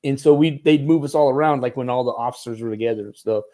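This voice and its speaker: A man's voice: mid-range voice, fast. A man, a former Marine turned stuntman and advisor, telling casual rambling stories in an interview and acting out the voices of others. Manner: rambling, lively, acts out quoted voices.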